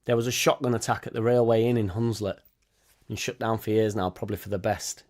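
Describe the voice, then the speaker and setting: A fan channel host runs a casual live stream, reading chat and cursing liberally, chatty with tag questions such as "innit." His fairly low voice has a darkish tone and little pitch movement, and he talks a little fast.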